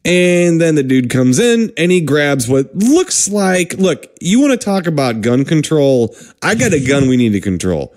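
Animated, foul-mouthed man telling a story. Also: fairly high pitch, a little slow, few pauses. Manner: animated, profane, bursts into yelling. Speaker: podcast co-host. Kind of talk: casual comedic storytelling.

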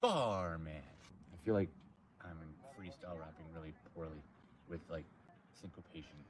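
A man hosting a casual outdoor live stream by a lake, joking and rambling in an animated way. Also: very deep voice, normal speed, background noise.

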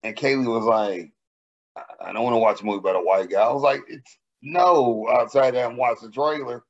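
A man co-hosting a podcast, telling stories in a profane, animated way during casual banter. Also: mid-range voice, brisk, dull audio. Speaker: podcast co-host.

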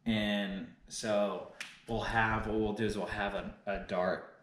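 A man's voice: on the low side, level tone, takes it slowly, fairly bright tone, distant mic, a little hiss or hum. Bossy man directing, echoey room. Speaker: director of the video. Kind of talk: improvised comedy sketch.

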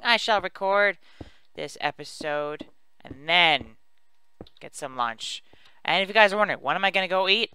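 A man with a very bright, crisp voice and a gravelly edge, chatting casually over his gameplay. He rambles and pokes fun at himself as he goes. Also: fairly high pitch, no room sound. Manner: rambling, chatty, self-mocking. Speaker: let's play host.

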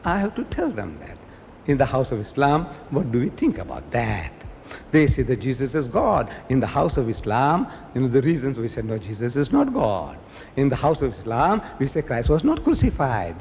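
Older male preacher, lively storyteller, old tape with faint hiss. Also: medium pitch, moderate pace, big-room sound. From South Africa. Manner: animated storytelling, mimicking others. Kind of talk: public lecture.

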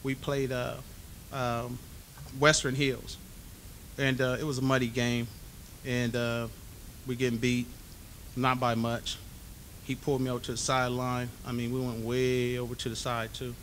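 Bright-voiced man telling football stories. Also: mid-range voice, a little slow, pauses often, a little hiss or hum. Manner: animated storyteller acting out dialogue. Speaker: hall of fame inductee giving a speech. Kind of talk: storytelling acceptance speech. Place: banquet hall.

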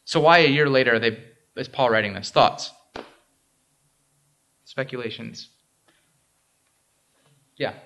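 A man's voice: medium pitch, slow pace, long pauses, fairly bright tone. A male pastor giving a conversational sermon in a church. He asks the congregation questions and often checks in with "right?". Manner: casual and interactive, frequent "right?" and "um". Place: church sanctuary.

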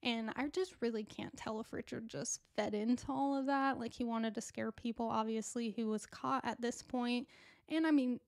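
A woman's voice: a little high, creaky, a little mellow, no room sound. Female true crime podcast host, casual and talkative, dry close sound. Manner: chatty and casual, with asides to listeners.

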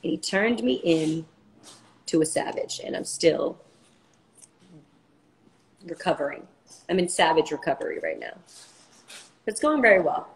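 A woman's voice: fairly low pitch, expressive, unhurried, pauses often, husky, rough recording. A woman, a singer hosting her own livestream, chatting casually and playfully between songs, swearing and laughing easily.

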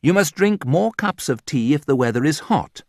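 A man's voice: fairly high pitch, animated, normal speed, darkish tone, dry recording. A man reading a humorous essay aloud with a dry, ironic delivery. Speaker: narrator.

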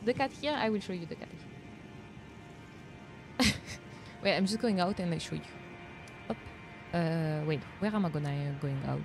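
A woman's voice: on the low side, normal speed, long pauses, music in the background. A young woman with a French accent chatting casually to viewers while streaming a video game, giggling often and reacting aloud. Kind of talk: casual live-stream chat.

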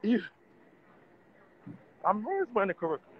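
A man's voice: sits high, wildly swooping pitch, brisk, slightly rough, highs cut off. A man, vlogging on city streets in a brash, profane, laughing rant. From Louisiana. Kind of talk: casual street vlog rant.

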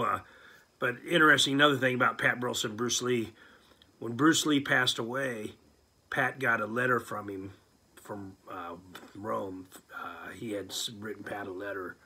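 A man casually telling a story aloud, animated, with many fillers, and he acts out what people said. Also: on the low side, slightly rough. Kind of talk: casual spoken anecdote.

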